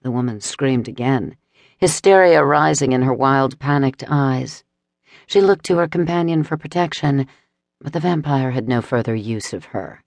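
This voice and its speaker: A woman narrating a dark romantic fantasy audiobook in a steady, dramatic storytelling manner. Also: rumbling low, moderate pace, creaky, no room sound.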